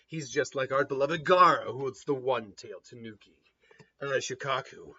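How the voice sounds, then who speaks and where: Man as a taunting villain, low and slow, muffled lo-fi recording. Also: pushed and bright, husky.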